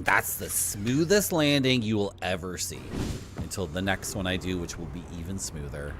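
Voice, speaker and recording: A man giving live commentary while playing a video game, chatty and quick to laugh, with sudden excited outbursts. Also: sits low, noisy background. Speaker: game streamer. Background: game music.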